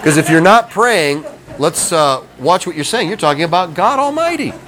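A middle-aged man preaches a sermon in a folksy, conversational style, often putting questions to his listeners. His voice is fairly high with big pitch swings and a moderate pace. The audio is poor, with crowd noise and faint background noise.

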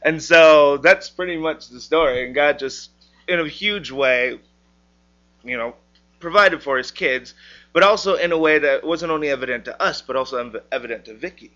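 Telling his testimony casually, this young man from the church performs the quotes in his story with different voices. He sounds a little high, pushed and bright, and speaks at a normal speed; the recording is dull and lo-fi.

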